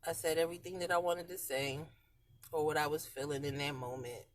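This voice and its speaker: A woman chatting casually on a live stream from her parked car, slangy and swinging between loud and quiet. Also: sits low, fairly even intonation, a little fast. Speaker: vlogger talking live to viewers.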